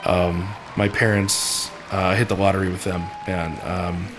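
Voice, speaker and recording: A young man with a deep, low voice talks through his competition in a vlog. He speaks haltingly and restarts often, full of fillers. He sounds choked up, close to tears. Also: flat delivery, music in the background. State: emotional, near tears. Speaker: strongman athlete. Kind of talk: emotional vlog recap.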